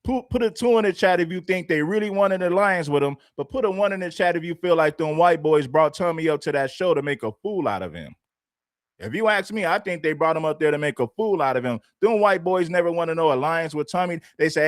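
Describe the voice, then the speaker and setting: Livestream host, a man; a little high, mocking and chatty, dry close sound. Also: expressive, quick pace, no room sound. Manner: mocking, laughing, repeating points to the chat. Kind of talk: casual reaction commentary.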